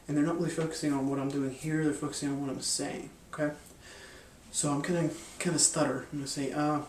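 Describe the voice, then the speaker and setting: A man's voice: on the high side, little pitch movement, fast, a little mellow, reverberant, distant mic, a little hiss or hum. A man explaining a mind-reading card technique in a loose, rambling way, with lots of fillers and restarts. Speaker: magic and hypnosis instructor. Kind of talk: casual instructional explanation.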